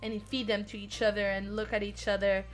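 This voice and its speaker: Faint music plays behind a young streamer with a medium-pitched voice and a brisk pace. She reads a dating game out loud, chats with her viewers, and gets excitable, laughing in squeals.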